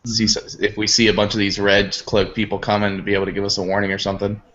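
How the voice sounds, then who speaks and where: A man's voice: on the low side, completely flat delivery, fast, fairly bright tone. A man playing a tabletop game, speaking hesitantly with many likes. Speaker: player. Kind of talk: casual tabletop game play. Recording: dull lo-fi sound.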